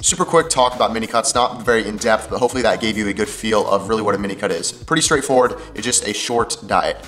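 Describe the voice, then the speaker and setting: This young fitness vlogger has a low voice with a fairly bright tone and chats casually to camera. He rambles, leaning heavily on "like" and "um," in an echoey room where faint music plays in the background.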